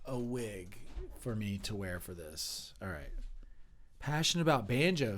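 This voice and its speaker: A man's voice: fairly low pitch, big pitch swings, a little slow, fairly bright tone. A man hosting a live comedy stream, casually explaining an improv character game. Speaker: show host and performer.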